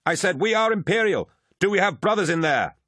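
A man voicing a male space marine commander in an audiobook story, yelling orders in a commanding, deep voice over the din of battle. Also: expressive, fairly quick, dry recording, studio quality, full character voice. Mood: shouting.

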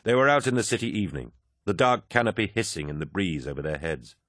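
A man reading a science-fiction battle scene as an audiobook, in a measured, grave manner. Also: low-pitched, animated, a bit bright, no room sound, clean studio sound. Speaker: audiobook narrator. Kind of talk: scripted narration.

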